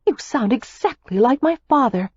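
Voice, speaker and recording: A woman narrator voicing a spirited, quick-tempered young American heiress, speaking breezily and indignantly. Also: high voice, animated, husky, no echo, muffled recording, pitched above the performer's own voice.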